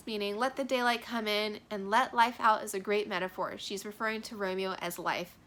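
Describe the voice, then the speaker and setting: A woman's voice: medium pitch, fairly even intonation, brisk, few pauses, fairly bright tone. A woman teacher explaining a play in a casual, chatty way, with many fillers as she goes. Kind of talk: literature lesson explaining a play.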